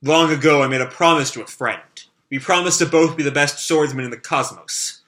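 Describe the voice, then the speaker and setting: A man voicing a calm male swordsman who makes his foes cry, speaking slowly and evenly. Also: a little high. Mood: measured.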